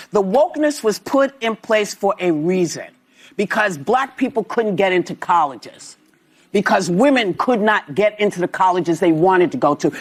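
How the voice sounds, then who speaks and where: Emphatic woman lecturing on a panel. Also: medium pitch. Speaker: talk show panelist. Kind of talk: impassioned panel talk. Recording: clip with audience noise.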